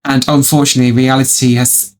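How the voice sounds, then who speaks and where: A man's voice: medium pitch, little pitch movement, brisk, a little mellow. A man hosting a reaction video, responding to online stories in a dramatic way, calling the listener darling and swearing freely.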